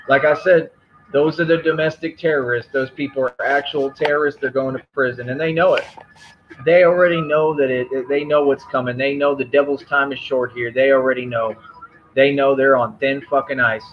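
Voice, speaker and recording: A man's voice: medium pitch, fairly even intonation, moderate pace, highs cut off, slight background noise. Aggressive, taunting man ranting on stream. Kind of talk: angry on-camera rant.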